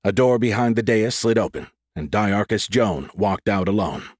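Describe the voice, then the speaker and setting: A man reading an audiobook in a measured, descriptive narration style. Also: fairly low pitch, no room sound. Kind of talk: scripted narration. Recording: dry close audiobook recording.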